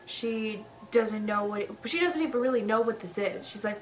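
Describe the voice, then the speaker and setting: A woman with a fairly high voice retells a creepy story in a loose, chatty way. She gets animated and briefly acts out what the characters say, stringing it all together with "like" and "he goes", over a faint hiss. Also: normal speed, poor audio. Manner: animated, acts out quoted lines, many "he goes" and "like".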